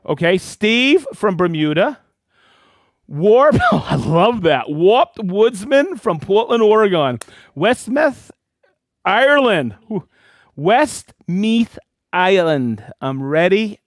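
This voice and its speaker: A man hosting a weekly live stream, reading out viewers' names and hometowns with excitement. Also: high-pitched, slow, dry recording, clean studio sound. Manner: lively, reads viewer names and places with excitement. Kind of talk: live stream shout-outs.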